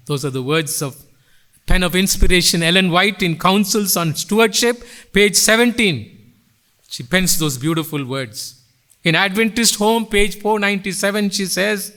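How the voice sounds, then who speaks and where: Middle-aged male preacher, bright ringing tone, dramatic swells and hushed drops. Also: high voice, lively intonation, unhurried, pauses often. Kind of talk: sermon. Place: church sanctuary.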